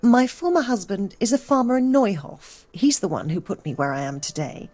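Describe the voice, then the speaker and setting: An actress voicing a weary, bitter medieval woman who tells her hard-luck story in a measured, resentful way in a role-playing game. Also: mid-range voice, big pitch swings, a little mellow, faint music behind.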